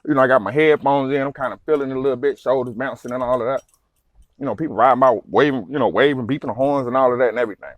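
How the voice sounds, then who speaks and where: A man, a truck driver, telling a story in a casual vlog, animated, swearing freely and full of fillers. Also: mid-range voice, dry recording.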